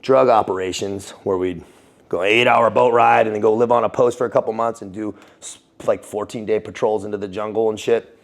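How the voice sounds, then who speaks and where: An American man in a casual interview, telling military stories in an animated, profane way, laughing often and calling the listener dude. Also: fairly low pitch, brisk. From United States. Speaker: guest, former Navy SEAL and Foreign Legionnaire.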